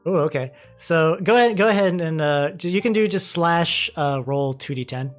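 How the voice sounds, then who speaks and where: A man's voice: on the high side, soft background music. Laid-back male game master. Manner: quick stuttering restarts, laid-back and profane. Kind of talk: narrating a tabletop game.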